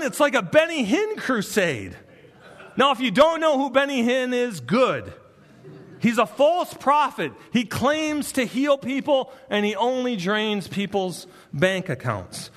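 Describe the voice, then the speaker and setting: A man preaching an expository sermon, earnest and emphatic, with dramatic pauses. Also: extremely high pitch, very animated, a bit bright, long reverb tail. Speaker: pastor.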